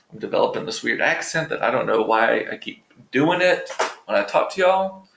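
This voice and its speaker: A man's voice: fairly high pitch, animated, fairly quick, gravelly, a bit bright, slight background noise. Chatty joking man in a roomy echo. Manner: profane, joking, rambling asides. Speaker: vlog host. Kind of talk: casual chatty monologue to viewers.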